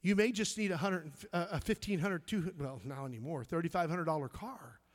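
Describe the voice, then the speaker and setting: A slightly high, brisk voice belongs to a middle-aged man giving an impassioned sermon. He ranges from loud exclaiming to gentle, near-whispered narration, doubling up words when feeling strikes him.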